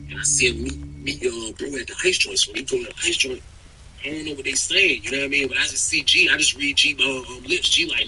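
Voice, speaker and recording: A man's voice: medium pitch, fast talker, recorded from a distance, a little hiss or hum, low-quality recording. A man streaming, telling a long story in casual chat and acting out the people in it. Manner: animated, acts out quoted people in raised voices.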